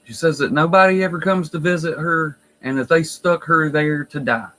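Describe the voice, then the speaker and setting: A man's voice: on the high side, moderate pace, bright, forceful tone, poor audio. A man who works in a nursing home, telling stories in a blunt, profane, wry way. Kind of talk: casual storytelling vlog.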